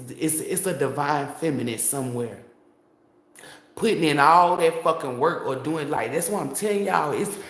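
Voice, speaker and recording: Heated, profane man ranting in an echoey room. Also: mid-range voice. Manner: heated, profane, rambling rant. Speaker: tarot reader. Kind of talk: tarot reading monologue.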